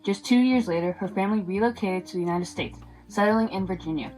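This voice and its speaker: Young woman narrating at a quick pace. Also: medium pitch, darkish tone, soft background music, poor audio. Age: young adult. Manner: brisk, read-aloud. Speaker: documentary narrator. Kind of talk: student documentary narration.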